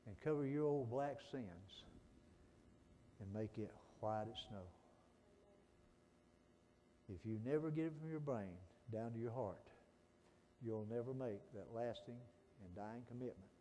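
A man preaching an evangelistic sermon and altar call in a church, passionate, swinging from loud pleading to hushed urging. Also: medium pitch. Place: church sanctuary. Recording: echoey church hall with faint noise.

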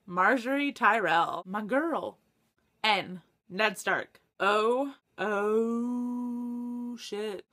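A young woman chatting to camera for her book vlog, excitable, laughing often and swearing when she gets stuck. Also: fairly high pitch, drawn-out words. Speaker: book vlogger. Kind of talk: casual chat to camera.

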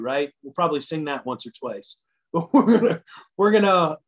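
A man's voice: on the high side, big pitch swings, a little fast. A man giving a casual midweek church talk as pastor, conversational and enthusiastic, thinking aloud as he goes. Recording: dull lo-fi recording.

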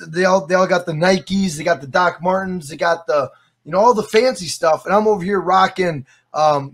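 A man on a casual podcast as an interview guest has a husky voice sitting a little high for a man. He tells his stories energetically, swearing freely and repeating phrases for weight.

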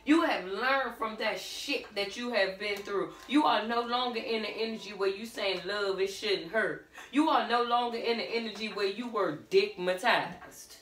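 A woman's voice: mid-range voice, moderate pace, few pauses, fairly bright tone, far from the mic. Sassy woman reading tarot in an echoey room. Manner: sassy, blunt, calls listener pet names. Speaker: tarot reader. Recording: roomy echo, off-mic.

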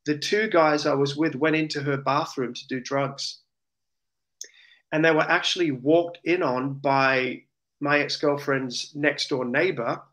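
Australian male guest, slightly high voice, heartfelt testimony delivery. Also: unhurried. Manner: earnest, emotional, animated retelling. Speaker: interview guest. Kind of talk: personal testimony storytelling.

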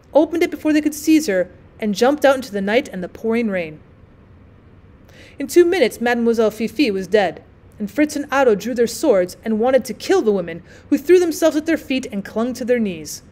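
A woman teacher reading a classic short story aloud in an expressive, steady storytelling manner. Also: on the high side.

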